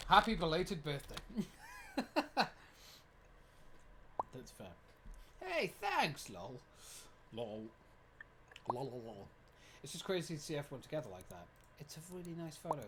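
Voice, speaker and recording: Animated young streamer. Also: medium pitch, slight background noise. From United Kingdom. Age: 20s. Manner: animated, swears a lot, reads game text aloud. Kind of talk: live gameplay commentary.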